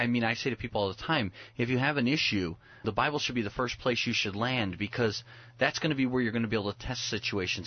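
Earnest low-voiced man preaching. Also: husky, dry recording, muffled recording. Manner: earnest, scripture-quoting, conversational. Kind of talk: preaching on a talk show.

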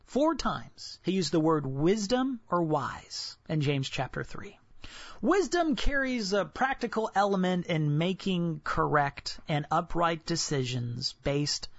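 A man's voice: on the high side, slow pace, dry recording. Man preaching a sermon, dry and dull-toned. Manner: animated storytelling with rhetorical questions. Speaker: pastor.

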